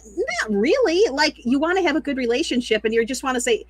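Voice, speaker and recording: A woman on a casual panel chat who talks in an expressive, joking way. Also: sits high, a little fast, hardly any pauses, no echo. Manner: lively, expressive, jokey.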